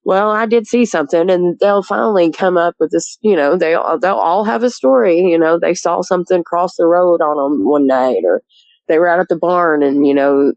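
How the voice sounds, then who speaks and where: A woman's voice: on the low side, vocal fry, darkish tone, no echo, highs cut off. A woman telling her story as a guest in a rambling, chatty way, full of "you know" and laughs. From rural area. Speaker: guest recounting a sighting. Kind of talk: casual storytelling.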